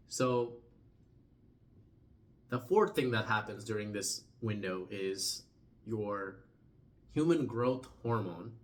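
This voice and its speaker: A young man explaining a topic in a casual vlog, conversational, often trailing off softly at the end of phrases and restarting words. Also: fairly low pitch. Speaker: vlogger.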